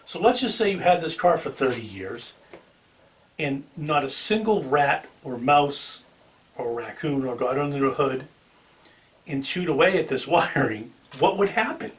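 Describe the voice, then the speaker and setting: A man's voice: on the high side, animated, a little slow, far from the mic. A man with a Boston accent hosting a car channel, talking casually to the camera with ums and restarts. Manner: chatty, with filler ums and restarts.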